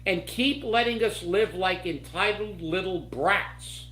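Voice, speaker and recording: Angry guy ranting on a political talk show, slow talker, echoey room. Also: high-pitched, animated, sharp tone. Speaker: political commentary host. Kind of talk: political commentary.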